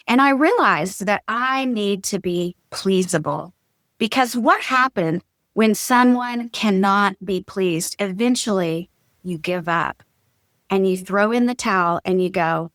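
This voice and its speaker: Woman telling lively stories. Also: mid-range voice, unhurried, dry recording, clean studio sound. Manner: animated storyteller acting out quotes. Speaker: podcast guest, marriage coach. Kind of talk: casual storytelling chat.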